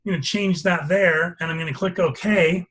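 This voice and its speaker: A man instructor leading a live class, explaining a software demo step by step and pausing to check for questions. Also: high-pitched, fairly even intonation, husky.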